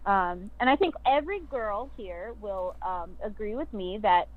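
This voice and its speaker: In a laid-back video call podcast conversation, a bubbly voice actress giggles and slips into her character's lines. She has a medium-pitched, expressive voice and talks a little slowly, all over tinny, phone-style remote audio.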